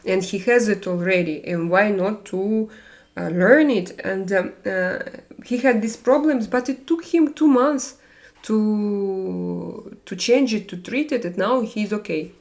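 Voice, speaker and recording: Russian-accented woman chatting live. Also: medium pitch. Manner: halting, many fillers and restarts, warm to viewers. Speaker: live stream host. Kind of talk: casual chat reading viewer comments.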